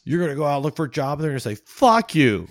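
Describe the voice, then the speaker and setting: A crude army sergeant major, put on by a man, barks insults in a raised, strained voice well above his normal pitch. The tone is loud and contemptuous, and the speech is thick with profanity. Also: sing-song, rapid-fire, no room sound, studio quality. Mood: mocking.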